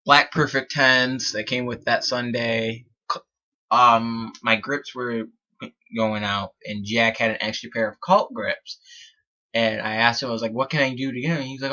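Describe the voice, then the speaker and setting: Young male vlogger, bright voice, casual rambling storyteller, dull lo-fi recording. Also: medium pitch, steady tone, normal speed. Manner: rambling, restarts sentences, quotes friends. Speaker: BMX rider vlogger. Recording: dull lo-fi sound.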